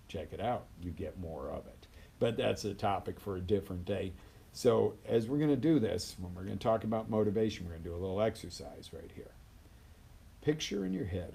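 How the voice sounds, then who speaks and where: Energetic gravelly male life coach. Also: sits low, slight background noise. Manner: energetic, swings between loud bursts and quiet asides; acts out quoted voices. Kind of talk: live motivational talk.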